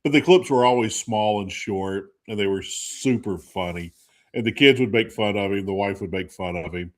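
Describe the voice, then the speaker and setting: A man's voice: fairly low pitch, moderate pace. A man hosting a talk show in casual chat, rambling with lots of fillers and laughing often. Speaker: host.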